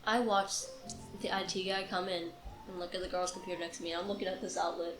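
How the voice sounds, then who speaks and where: A woman's voice: on the low side, little pitch movement, quick pace, echoey room, over music. A young woman, a student guest on a podcast, telling wry anecdotes in casual chat. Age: young adult.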